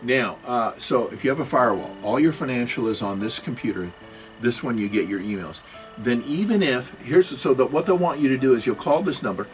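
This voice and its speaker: A man's voice: medium pitch, animated, a little fast, faint music behind. Agitated, rambling man lecturing. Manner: agitated, apologetic, many restarts. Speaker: computer security educator. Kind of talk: self-recorded talk.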